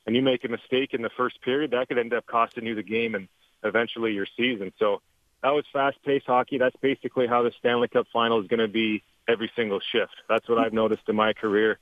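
A Canadian man and former hockey player talks through the game in a relaxed, chatty way, now and then laughing. His voice comes through a tinny phone line. The sound is dry and close. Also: mid-range voice, fast, no echo. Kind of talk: phone interview, hockey analysis.

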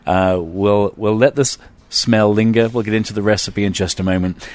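A man's voice: lowish voice, steady tone, moderate pace, darkish tone. A man from Ireland hosting a food show, interviewing a chef in a restaurant in a chatty, playful way. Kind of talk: casual interview.

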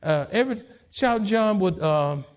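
A man pastor preaching a sermon in call-and-response style, with repeated words and passages that rise to shouting. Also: high-pitched, animated, moderate pace.

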